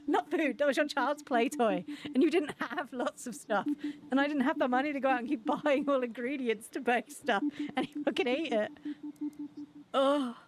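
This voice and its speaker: Woman, 40s, game streamer, laughing and swearing through a story, slightly high voice, faint hiss behind. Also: normal speed. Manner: laughing, swearing anecdote teller.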